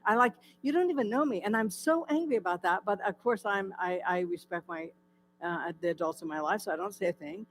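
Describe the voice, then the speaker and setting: A woman's voice: fairly low pitch, brisk, a little hiss or hum, poor audio. Woman telling her recovery testimony. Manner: lively storytelling, acts out dialogue, laughs often. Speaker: guest speaker at a church. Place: church hall.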